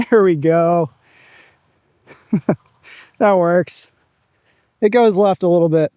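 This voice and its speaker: Man, casual outdoor vlogger, chatty and upbeat, warm dry voice. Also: sits high, slow, clean tone, no room sound, highs cut off. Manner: upbeat, chatty, narrating his own throws. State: out of breath at times. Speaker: disc golf vlogger. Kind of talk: casual outdoor vlog commentary. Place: open field outdoors.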